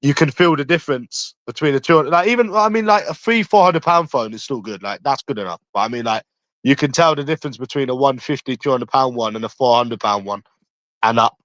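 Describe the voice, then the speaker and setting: A man's voice: medium pitch, brisk, a bit bright, no room sound, poor audio. A man with a London accent, chatting casually on a live stream from a room at home, brash and rambling with heavy swearing.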